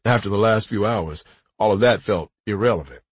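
A man's voice: lowish voice, brisk, slightly rough, no room sound. A man narrating a gritty first-person audiobook with a wry storytelling manner.

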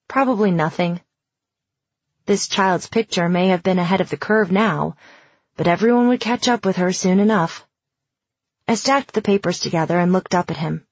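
Breathy woman narrating a story. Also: on the low side, moderate pace, no room sound, lo-fi sound. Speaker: audiobook narrator. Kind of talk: first-person audiobook narration.

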